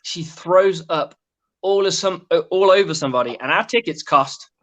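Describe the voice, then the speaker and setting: A man's voice: high-pitched, normal speed, a bit bright, dull audio. An English man telling stories as a guest in a casual sports chat, swearing and mimicking others. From England.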